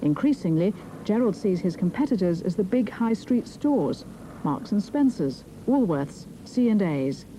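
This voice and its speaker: A woman reading a documentary narration in a measured, even way. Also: mid-range voice, slight background noise, low-quality recording. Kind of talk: scripted narration.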